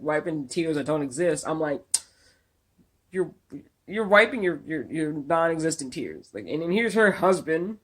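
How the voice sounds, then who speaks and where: A woman tells a story to camera in an animated, disbelieving voice. She swears freely and talks with plenty of emphasis. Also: deep voice. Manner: animated, profane, incredulous storytelling. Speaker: vlogger. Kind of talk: storytime vlog.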